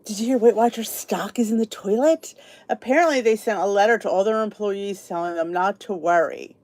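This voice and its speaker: A woman's voice: mid-range voice, a little fast, a little mellow. A middle-aged woman hosting a casual live podcast, chatty and rambling, greeting viewers by name while sounding tired and sleepy. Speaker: podcast host. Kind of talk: casual live-stream chat.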